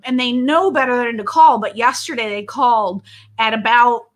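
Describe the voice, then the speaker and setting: A middle-aged woman co-hosting a podcast, chatting casually and telling stories with animated retellings. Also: on the high side, normal speed. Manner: animated, storytelling with lively retelling. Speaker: podcast co-host. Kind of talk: casual chat.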